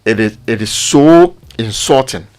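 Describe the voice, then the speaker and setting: A man's voice: mid-range voice, expressive, unhurried, a little mellow. A Ghanaian man on a radio panel, speaking earnestly and with frustration, often repeating words as he builds a point. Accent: Ghanaian English. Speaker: newspaper review panelist.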